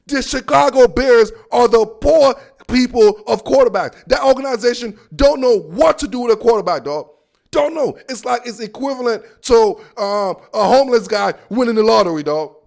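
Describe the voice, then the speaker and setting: A man hosting a sports podcast, ranting in a loud, rowdy, mocking way full of slang. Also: extremely high pitch, lively intonation, normal speed, vocal fry. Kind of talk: animated sports rant. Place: near a team facility in the Seattle area.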